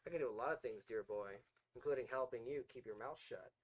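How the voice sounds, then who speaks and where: A man's voice: medium pitch, brisk, natural voice, poor audio. A man voicing a sly, smug male demon in a read-aloud story, purring and mock-sympathetic.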